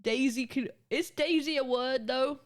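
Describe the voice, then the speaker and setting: A young British woman streaming and chatting casually with her chat, animated and quick to laugh, with casual swearing. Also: high-pitched. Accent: British English. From United Kingdom. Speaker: livestreamer.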